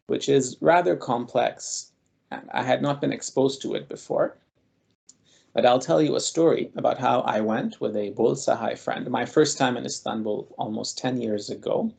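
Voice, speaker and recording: Gravelly mellow guy, guest scholar telling stories from his life slow and thoughtful. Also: mid-range voice. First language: Armenian. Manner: thoughtful, measured, with frequent pauses. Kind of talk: reflective personal storytelling.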